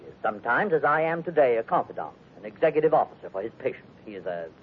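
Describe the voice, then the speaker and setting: A man playing a pompous, fussy doctor who lectures in a lively, swooping voice full of hems and haws. Vintage radio drama acting through a tinny old broadcast, a faint rumble underneath. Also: very fast, natural voice. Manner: pompous, hesitant with uh's. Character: fussy, smooth-talking male doctor, pompous.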